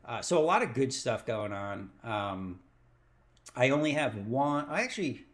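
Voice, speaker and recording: A man in the middle of an easygoing livestream, chatting about his week with real excitement. He rambles and restarts sentences as his thoughts run ahead of him. His voice sits at an ordinary middle pitch. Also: a little slow. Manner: enthusiastic, rambling, stumbles over words. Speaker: host of a stock trading show. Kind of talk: casual livestream commentary.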